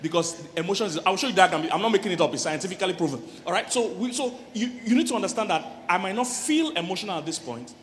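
Animated man preaching in an echoey hall. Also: sits high, fast, few pauses, a little hiss or hum. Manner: animated, laughing, acts out quoted voices. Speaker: relationship coach preaching. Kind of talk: church sermon on marriage.

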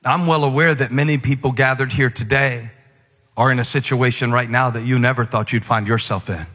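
A man preaching a sermon to a gathered congregation, animated, slipping into mocking, self-assured voices and rising to near shouts. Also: mid-range voice, fairly quick. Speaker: pastor. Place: large hall with an audience. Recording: echoey hall, faint room ambience.

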